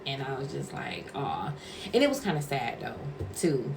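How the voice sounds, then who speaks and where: A woman who vlogs and used to work as a caregiver tells a rambling, conversational story for her casual vlog, acting out what people said. Her voice is bass-deep with big pitch swings, she speaks at a moderate pace, and the background is noisy.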